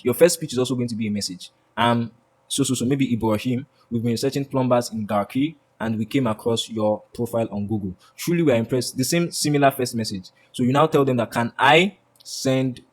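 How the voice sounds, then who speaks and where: A man teaching a sales lesson, often asking "do you understand?" and acting out sample lines. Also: medium pitch. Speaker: sales course instructor.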